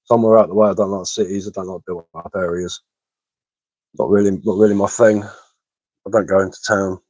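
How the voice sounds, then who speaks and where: Slightly hoarse low-voiced man. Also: little pitch movement, brisk, darkish tone, dry recording, poor audio. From England. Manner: rambling, hesitant, repeats words and fillers. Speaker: bushcraft livestreamer. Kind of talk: casual livestream chat answering comments.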